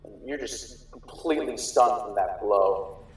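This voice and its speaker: A man running a tabletop game as game master, narrating in a halting way with fillers and restarts. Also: on the low side, darkish tone. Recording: echoey room, distant mic, faint music.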